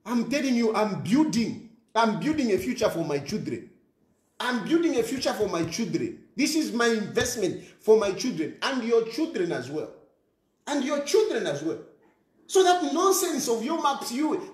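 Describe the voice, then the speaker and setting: Ranting Zambian man with a high voice. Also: big pitch swings, moderate pace, echoey room. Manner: ranting, scornful, repeats phrases, mixes in local words. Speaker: commentator. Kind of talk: impassioned monologue.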